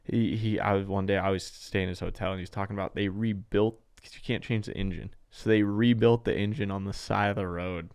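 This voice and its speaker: A man who races off-road trucks, talking as a podcast guest in a rambling, animated way with many "like"s. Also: on the low side, a little fast, few pauses, clear, resonant tone, dry recording, clean studio sound. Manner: rambling, animated, heavy use of "like". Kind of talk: casual podcast conversation.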